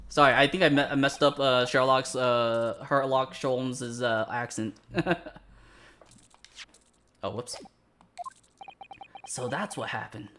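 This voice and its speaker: A streamer making quiet, self-deprecating asides while playing through a game live. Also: mid-range voice, takes it slowly, long pauses. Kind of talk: live game playthrough reading dialogue.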